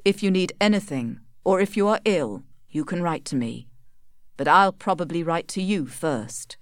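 A woman's voice: fairly low pitch, lively intonation, normal speed, no room sound, natural voice. A woman reading the lines of a stern, formal young husband in a storybook reading, with a dry, close sound. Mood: cool.

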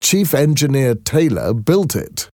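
Kind doctor, reassuring and lively; read by a male narrator. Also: medium pitch, unhurried, dry recording, clean studio sound, voice pushed up. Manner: warm, reassuring. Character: kind, encouraging male doctor, middle-aged.

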